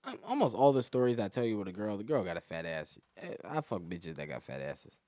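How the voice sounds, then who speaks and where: Warm, lowish, and sing-song, the voice belongs to a young comedian guest from around Atlanta, Georgia, speaking a little fast with no room sound. His crude, boastful stories are full of slang, and he cracks up at his own jokes.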